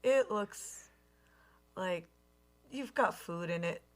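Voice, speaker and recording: A woman in her thirties co-hosting a comedy podcast. She riffs in a sarcastic, profane, deadpan way. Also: lowish voice, slow pace. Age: 30s. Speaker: podcast co-host. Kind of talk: casual comedic chat.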